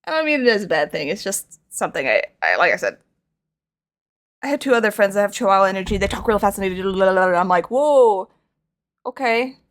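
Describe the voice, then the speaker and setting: A woman's voice: mid-range voice, lively intonation, fast, fairly bright tone. A young woman with a slight lisp chatting casually with her stream audience while painting, rambling and self-deprecating.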